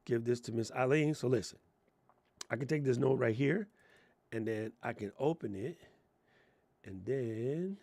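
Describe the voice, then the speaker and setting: A man's voice: mid-range voice, unhurried, pauses often, warm tone, dry recording. A man giving casual tech tips on a stream, ranting and sarcastic, then muttering along as he works his computer. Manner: ranting, sarcastic, jokey, puts on mocking voices; laid-back and muttering while working the computer. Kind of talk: casual livestream tutorial. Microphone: lapel mic on chest.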